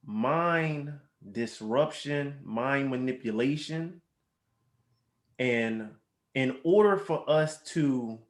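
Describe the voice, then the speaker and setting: A male podcast host speaks slowly and carefully as he reflects on an idea. His voice has a middling pitch, and it rings with noticeable echo from the room. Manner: slow, deliberate explaining. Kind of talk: reflective commentary. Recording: echoey room.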